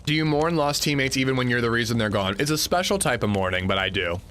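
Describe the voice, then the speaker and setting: A male streamer chats with his viewers as he plays, his voice lively and swinging up and down. His tone is bright and forward. Faint game sounds sit behind him. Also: mid-range voice, fast talker, a little hiss or hum. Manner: chatty, answers chat, swears when annoyed. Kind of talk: casual livestream chat while gaming.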